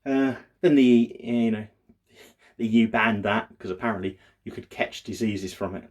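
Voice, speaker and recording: A man talking in a casual daily video diary, rambling and hesitant with many fillers, sounding low and downbeat. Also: moderate pace, slight background noise. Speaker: vlogger.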